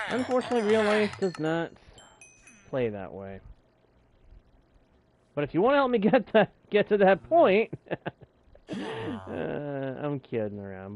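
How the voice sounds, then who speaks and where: A man's voice: fairly high pitch, poor audio. A man hosting a live game stream, chatting casually and jokingly with viewers and the game. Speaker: streamer and channel host.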